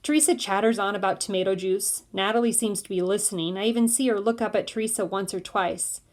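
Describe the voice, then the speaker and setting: A woman reading a novel aloud in steady first-person narration. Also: mid-range voice, fast talker. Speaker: audiobook reader.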